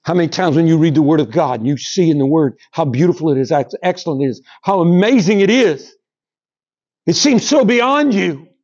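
High-voiced preacher swinging loud to hushed. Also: male voice, lively intonation, fairly quick, dull audio. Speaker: pastor. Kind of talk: sermon.

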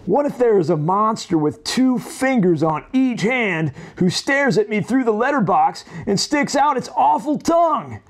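A jittery storybook boy who frets about monsters, as a male reader puts him on. He pleads anxiously in a voice that is high and lively, climbing even higher as his fears grow. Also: unhurried, hardly any pauses. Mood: anxious pleading.

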